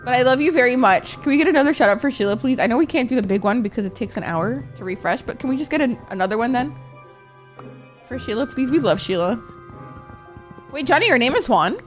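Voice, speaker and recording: A woman's voice: fairly high pitch, animated, fast talker, faint music behind. A woman streaming a game live, chatting casually with her viewers, swearing often and reacting to chat.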